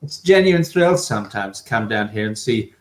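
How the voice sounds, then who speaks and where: A man's voice: fairly low pitch, animated, moderate pace, reverberant, natural voice. A man voicing a snooty, condescending rich art patron who talks in a haughty drawl.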